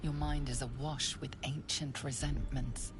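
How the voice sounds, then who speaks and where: A woman's voice: extremely low pitch, fairly even intonation, unhurried, music in the background. A woman voicing a foreboding game narrator who describes the player's sensations in second person. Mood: ominous. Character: ominous female game narrator.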